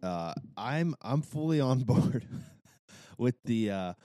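A man's voice: medium pitch, animated, slow pace, mellow, no room sound. A man co-hosting a podcast in casual chat, hesitant at first and then eager to explain. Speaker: podcast co-host.

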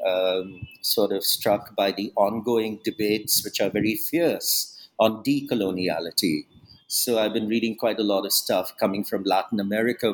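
A man's voice: on the low side, low-quality recording. A man being interviewed about his book, talking in a reflective way with frequent asides and restarts. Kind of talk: academic interview.

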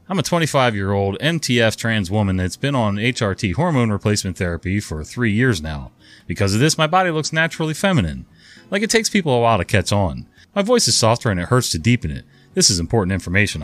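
Low-voiced, animated male story reader. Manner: wry, conversational, animated. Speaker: story narrator. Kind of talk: reading online stories with chatty commentary.

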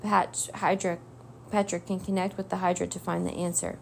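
Storybook wizard mentor, older man, measured and grave, low gravelly tone, read by a woman. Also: level tone, a little mellow, a little hiss or hum.

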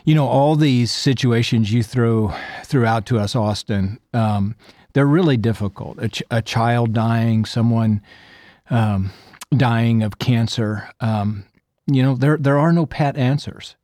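A man with a mellow, warm-toned mid voice joins a faith discussion as co-host. He talks thoughtfully and haltingly, with many fillers. The recording is dry and close. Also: mid-range voice, no room sound. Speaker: podcast co-host.

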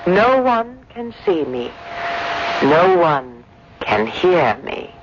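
A doting, bossy wife's ghost. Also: female voice, fairly low pitch, drawn-out words, heavily acted. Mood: patient. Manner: calm, gently scolding, affectionate. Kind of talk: old-time radio drama acting. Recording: hissy lo-fi old radio recording.

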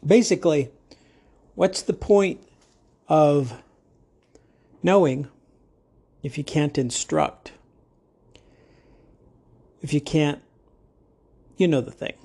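Male podcast host, laid-back delivery, slow and mellow, rambles into jokes. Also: on the high side, gravelly, breathy edge. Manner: jokey, rambling with asides. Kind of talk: casual podcast monologue.

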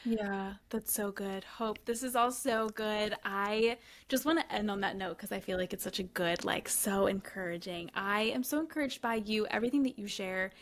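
A woman's voice: medium pitch, normal speed, few pauses. Gushing young woman hosting a podcast. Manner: gushing, enthusiastic. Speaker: podcast host. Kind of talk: casual faith podcast chat.

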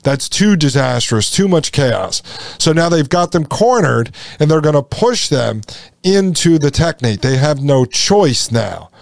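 Guy hosting a podcast, emphatic and repetitive, kinda high voice, dry close mic. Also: animated, a little slow, gravelly, no room sound. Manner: emphatic, repetitive, addresses listeners as folks. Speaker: podcast host. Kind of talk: solo commentary monologue.

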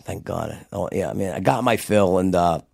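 Gravelly New York man telling stories. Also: sits low, normal speed, no room sound, clean studio sound. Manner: animated, profane, loud impressions with repeated restarts. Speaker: guest. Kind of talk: candid storytelling in conversation.

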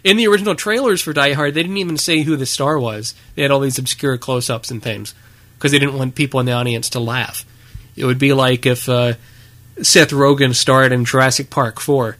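A man's voice: mid-range voice, steady tone, brisk, fairly bright tone. A man hosting a casual podcast chat, rambling with frequent fillers and easy laughter. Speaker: podcast host.

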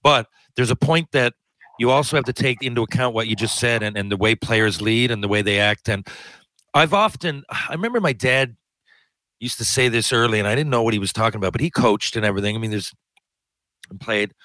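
Host guy chatting, bright punchy voice, low easygoing, cusses a bit. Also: a little fast, no echo. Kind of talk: casual chat.

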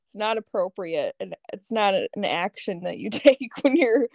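A woman's voice: mid-range voice, lively intonation, normal speed, a little mellow, no echo. A woman telling a story in a casual chat, laughing often as she talks. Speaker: guest.

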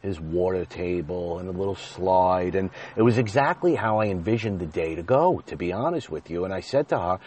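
A man's voice: deep voice, animated, brisk, few pauses, a little mellow, husky. A man in his thirties telling a personal story in a candid, confessional way, rambling at times.

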